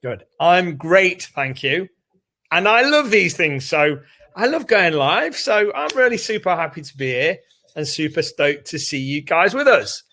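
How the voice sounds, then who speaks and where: A British man with a somewhat high voice co-hosts a live online training session from his home. He talks in a casual, chatty, upbeat way, reading out names of people joining. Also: sing-song, measured pace, pushed and bright. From United Kingdom. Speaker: co-host of a live training webinar. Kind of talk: casual live-stream chat. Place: home room with doors open.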